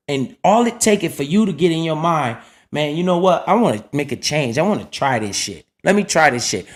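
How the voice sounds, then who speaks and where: A middle-aged man hosting a casual livestream, talking in loose slang and often dropping low and quiet. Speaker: livestream host talking investing.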